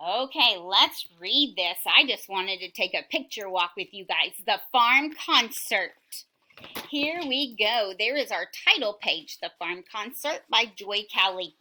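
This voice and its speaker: A woman teacher reading a picture book aloud to young children, talking in an animated, questioning, sing-song way. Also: mid-range voice, measured pace.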